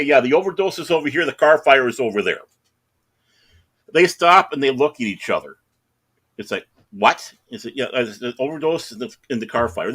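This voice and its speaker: A man's voice: medium pitch, bright, forceful tone, breathy edge. A middle-aged man telling a long anecdote in casual chat, acting out the other people in the story in raised voices. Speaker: podcast co-host.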